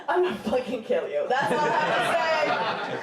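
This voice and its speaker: Comedian woman, lively high voice. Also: measured pace. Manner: chatty and self-mocking, teasing the crowd. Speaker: stand-up comedian. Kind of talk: stand-up comedy set. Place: comedy club stage. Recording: roomy club sound from a distance. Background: loud audience laughter.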